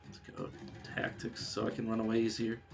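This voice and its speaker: A man's voice: fairly low pitch, monotone, fairly quick, vocal fry, music in the background. Man muttering through a game stream. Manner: muttering and thinking aloud while playing. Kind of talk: casual live gameplay commentary.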